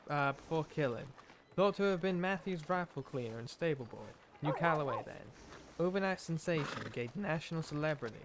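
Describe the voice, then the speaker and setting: A man streaming a game live, reading its text aloud in a put-on accent and talking through what he sees. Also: fairly high pitch. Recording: background noise over game audio.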